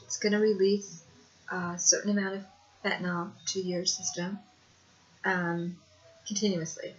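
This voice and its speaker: A woman's voice: mid-range voice, fairly bright tone. A woman telling a personal story to camera in a rambling, conversational way, with hesitations. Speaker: video blogger. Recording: dull lo-fi home recording.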